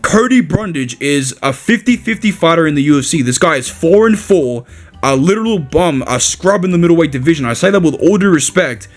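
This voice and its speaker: A man's voice: fairly high pitch, expressive, fairly quick, soft background music. A young man hosting a fight-sports channel, ranting furiously with heavy swearing and repetition, saying he is livid. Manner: heated, profane, repeats himself and says bro. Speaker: MMA commentary channel host. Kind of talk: angry rant to camera.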